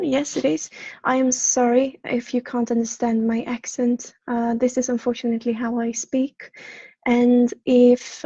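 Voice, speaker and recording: A high-voiced woman with a Swedish accent talks to her livestream viewers as a psychic counselor. Her delivery is flat and mellow with a husky edge, soft-spoken and apologetic, halting on fillers. The sound is dull and lo-fi, as from a home livestream. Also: dry recording. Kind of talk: casual livestream chat.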